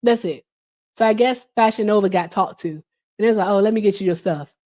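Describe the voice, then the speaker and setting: A woman in casual chat as a livestream host, animated and answering viewer comments as she talks. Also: mid-range voice, brisk.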